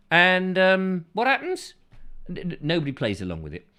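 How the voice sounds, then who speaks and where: A man hosts a chatty live show, his fairly high voice rising and falling in a lively way. He reads out viewer comments, rambles and jokes as he goes. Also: normal speed. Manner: playful and rambling, jokes and drifts into silly voices. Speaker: host.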